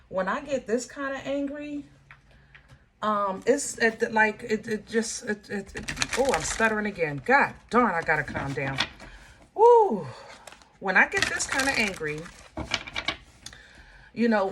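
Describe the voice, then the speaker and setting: A woman's voice: on the low side, noisy background. A woman from Pennsylvania giving a casual tarot reading, blunt and emphatic, with frank, folksy speech aimed straight at the viewer. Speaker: tarot reader.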